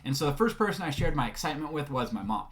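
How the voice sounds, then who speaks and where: Man, quick storytelling talk, lots of uh's, acts out the dialogue. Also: a little high, very animated. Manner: frequent filler sounds, rambling asides.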